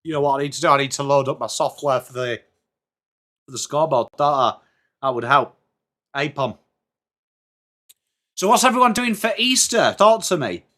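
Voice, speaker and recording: A man's voice: fairly high pitch, animated, normal speed, long pauses, sharp tone. A man with an English accent hosting a casual live sports watchalong stream, chatting and greeting viewers by name. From England.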